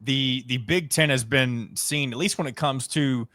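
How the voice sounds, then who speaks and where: Male host, dry close sound, measured analysis of football rankings. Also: mid-range voice, pushed and bright, no echo. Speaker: sports show host. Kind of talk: casual sports talk show.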